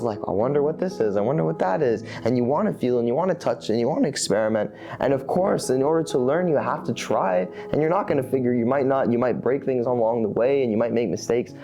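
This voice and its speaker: A man's voice: mid-range voice, mellow. Man, candid interviewee; rambling, thoughtful delivery with restarts, faint music bed. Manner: rambling, reflective, with frequent fillers and restarts.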